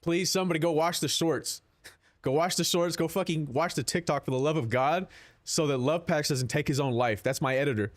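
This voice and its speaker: A man's voice: a little high, a little fast, no room sound, studio quality. Rambling, profane young male streamer. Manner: rambling, profane, jokey, answers chat. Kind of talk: casual live-stream chat.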